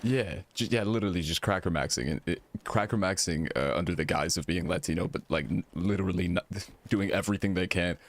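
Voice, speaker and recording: A man's voice: sits low, a little fast, few pauses, no echo. A man streaming, chatting casually and reacting with slang and laughter.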